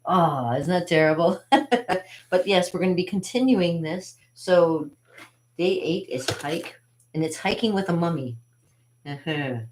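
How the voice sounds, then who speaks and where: A woman's voice: fairly low pitch, a little slow, a little mellow, a little hiss or hum, low-quality recording. A woman hosting a cartooning channel, showing her drawings in a chatty, rambling way and laughing often. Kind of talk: casual drawing tutorial.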